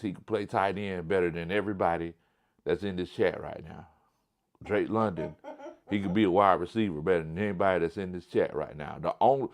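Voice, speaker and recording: Man, very deep voice, casual sports talk host, blunt, emphatic, circles back on his points. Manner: blunt, emphatic, repeats himself.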